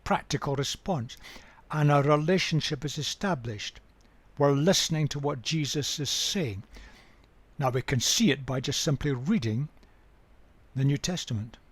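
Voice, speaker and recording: A man's voice: fairly high pitch, husky, no room sound. Emphatic older man teaching scripture. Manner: measured, emphatic, repeats key words. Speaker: Bible teacher. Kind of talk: Bible study lecture.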